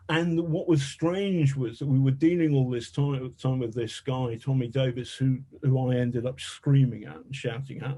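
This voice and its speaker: A man with a warm, mellow, slightly husky voice tells a story from his reporting days. He talks in a lively, self-mocking way and swears freely. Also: medium pitch. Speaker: journalist telling an anecdote as a podcast guest. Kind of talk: anecdotal storytelling.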